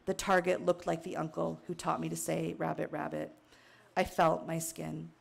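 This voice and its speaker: A woman from Wyoming reads her own writing on stage, slow and reflective. Her voice sits low with a gravelly fry. She lets feeling show now and then. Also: flat delivery. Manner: measured, reflective reading with an emotional catch. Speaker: author reading her work. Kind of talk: literary reading to an audience. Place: outdoor tent stage.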